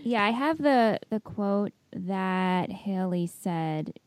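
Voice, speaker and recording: Earnest woman co-host, animated pitch. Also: takes it slowly, dry recording. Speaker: podcast co-host. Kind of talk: casual chat.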